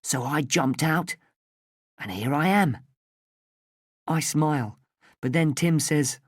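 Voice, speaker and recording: A woman reading a first-person children's story aloud, clearly and carefully, for language learners. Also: deep voice, animated, slow, long pauses, no echo, clean studio sound. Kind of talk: slow graded-reader story narration.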